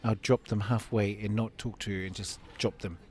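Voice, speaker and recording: A man's voice: lowish voice, fairly even intonation, moderate pace, darkish tone, breathy edge. A man in his fifties giving an interview, telling a personal story earnestly and acting out the dialogue. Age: 50s. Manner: earnest, acts out quoted dialogue. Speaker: interview guest.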